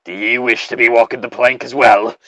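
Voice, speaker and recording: A man voicing a swaggering old male pirate captain with a gruff, theatrical drawl. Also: medium pitch, steady tone, brisk, sharp tone, no echo. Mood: blustering. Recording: slightly dull lo-fi sound.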